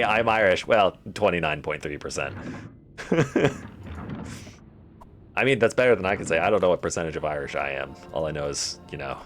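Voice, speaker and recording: A man's voice: deep voice, a little hiss or hum. A young man streaming a game live, rambling and joking to himself and to his chat. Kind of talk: casual live-stream commentary.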